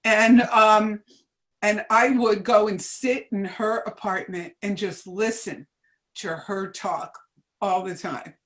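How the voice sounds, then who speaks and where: An older woman in her seventies from New Jersey, sharing memories as an interview guest. She speaks slowly and haltingly, with many pauses, ums and restarted phrases, at a medium pitch. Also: steady tone. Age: 70s. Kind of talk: casual reminiscing chat.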